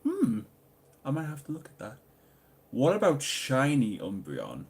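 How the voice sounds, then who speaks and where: Speaking at medium pitch and a moderate pace, a young YouTuber from Newcastle upon Tyne, England, hosts an easygoing Q&A stream in a Geordie accent. He reads chat messages aloud, jokes around, and bursts into loud, excited outbursts.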